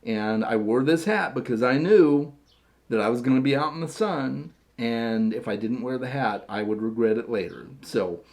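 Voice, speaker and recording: A man's voice: medium pitch, moderate pace, darkish tone. A man chatting casually to camera as a vlogger, chatty and self-deprecating, often repeating words as he talks. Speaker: vlogger showing his hat collection.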